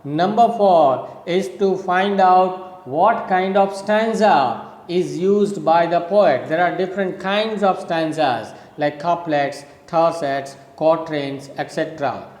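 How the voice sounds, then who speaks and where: A slow, measured male lecturer talks through his points one at a time, repeating words as he counts them off. His voice sits a little high. The room is echoey and the reverb hangs long after each phrase. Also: a little mellow. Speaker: college lecturer. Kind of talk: recorded classroom lecture.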